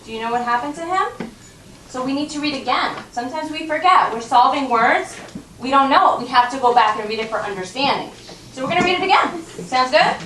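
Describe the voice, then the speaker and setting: High-voiced woman teaching a classroom. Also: expressive, brisk, a bit bright, far from the mic. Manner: patient, coaxing, checks in with frequent "okay?". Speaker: first-grade teacher. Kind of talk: classroom reading lesson. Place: elementary school classroom. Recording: roomy classroom recorded from afar, noisy.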